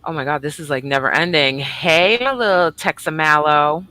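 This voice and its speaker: A woman's voice: sits low, moderate pace, hardly any pauses, sharp tone. A woman co-hosting a casual livestream, bubbly and teasing as she greets viewers. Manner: bubbly, teasing, swings between squeals and mutters. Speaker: livestream co-host.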